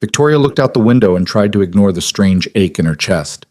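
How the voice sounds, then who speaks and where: Calm low-voiced male story narrator. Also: a little fast, no room sound, clean studio sound.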